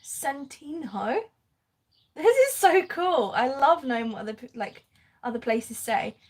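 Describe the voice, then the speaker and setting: Woman host, live craft stream, bubbly and chatty, slightly high voice, quick to laugh. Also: lively intonation. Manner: chatty, laughs often, reads out viewer comments. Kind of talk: casual chat while crafting.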